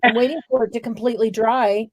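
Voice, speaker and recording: A woman's voice: a little high, steady tone, fast, dry recording, poor audio. Chatty woman hosting a crafting stream. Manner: chatty, warm inviting, laughs easily. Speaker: craft livestream co-host. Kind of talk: casual chat while crafting.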